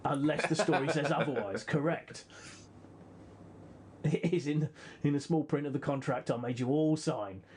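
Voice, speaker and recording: A man narrating a comedic tabletop role-playing game as game master, playful and quick to put on voices and sound effects. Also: a little high, darkish tone, a little hiss or hum.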